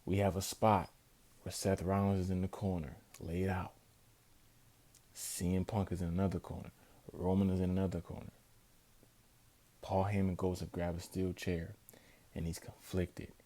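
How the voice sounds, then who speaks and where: A man reviewing a wrestling event in a casual vlog, telling it with excited emphasis. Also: low voice, moderate pace, long pauses. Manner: excitable, emphatic, animated storytelling.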